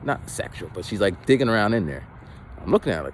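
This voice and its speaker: A man's voice: fairly low pitch, quick pace, slight background noise. Man telling a rambling story. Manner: rambling, animated, many restarts, acts out voices. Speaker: vlogger. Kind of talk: casual storytelling to camera.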